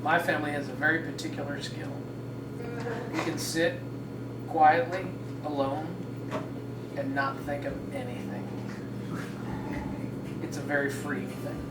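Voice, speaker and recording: A man performing live improv comedy in a dry, deadpan way. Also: fairly high pitch, measured pace, long pauses, very noisy. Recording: roomy, distant mic, loud music behind.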